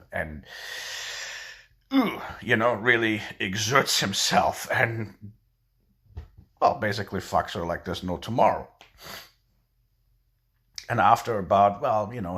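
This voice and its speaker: A man telling a dirty joke in a drawn-out, relaxed storytelling way. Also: on the low side. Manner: drawn-out, relaxed pacing with fillers.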